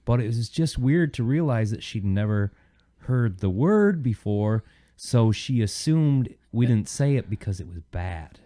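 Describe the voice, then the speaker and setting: A man's voice: mid-range voice, lively intonation, measured pace, mellow. A man hosting a podcast, chatting casually and telling a story in a rambling way, with many "you know"s. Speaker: podcast host. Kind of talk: casual chat.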